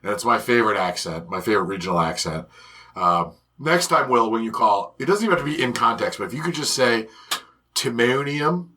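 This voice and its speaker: A man's voice: lowish voice, fast talker. A man co-hosting a sports podcast who chats casually and cracks jokes. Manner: animated, joking. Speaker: podcast co-host. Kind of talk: casual chat.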